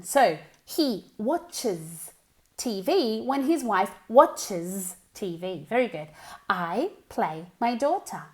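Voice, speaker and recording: Slow, high-voiced woman teacher drilling. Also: a little mellow. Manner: slow, clear drilling of sounds, switching into Spanish explanations; exaggerates pronunciation and laughs at herself. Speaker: English teacher. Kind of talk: online language lesson with drills.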